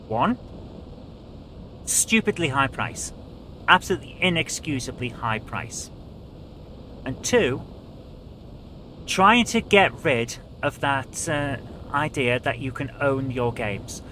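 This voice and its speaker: A British man hosting a live game stream, talking in a slightly high voice. He chats and grumbles in a casual way while he adjusts his audio settings. A steady, clearly audible noise sits behind his voice. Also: rough recording.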